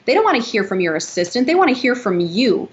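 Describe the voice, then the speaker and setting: A woman guest on a podcast interview, talking about her work with enthusiasm and quick to agree with the host. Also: a little high, big pitch swings, highs cut off. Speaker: dental consultant guest. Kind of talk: casual interview chat.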